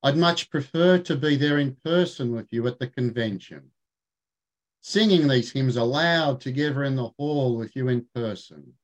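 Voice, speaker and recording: Older Australian lay preacher, gentle and formal, mid-pitched, delivering an online vesper sermon. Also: male voice, normal speed, rough recording.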